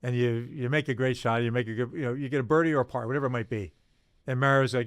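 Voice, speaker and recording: A man's voice: medium pitch, rapid-fire, smooth, dry recording, clean studio sound. A middle-aged man co-hosting a podcast, chatting and retelling anecdotes with admiration. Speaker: podcast co-host. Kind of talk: casual chat.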